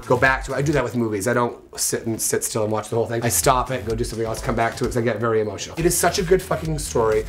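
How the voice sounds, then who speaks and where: Crude, rambling campy male host. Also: medium pitch. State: losing his voice. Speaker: podcast host. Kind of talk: casual comedic chat. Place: live venue with music playing.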